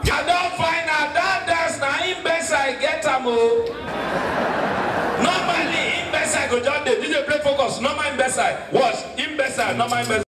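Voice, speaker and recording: A Nigerian comedian with a very high voice tells stand-up stories. He shouts his punchlines. He is heard from far off on an echoey stage, with a loud live crowd behind him. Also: normal speed.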